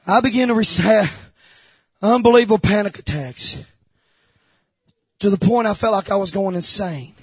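A male preacher with a very high, husky voice delivers an emphatic sermon. He shouts at the peaks and drops to hushed confession, repeating phrases for emphasis. The sound is close and dry. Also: moderate pace, long pauses, no room sound.

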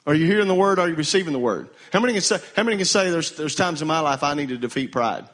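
A man's voice: on the high side, animated, rapid-fire, fairly bright tone. A male pastor preaching a sermon, calling on the congregation to answer him. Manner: call-and-response preaching, urging the congregation to answer.

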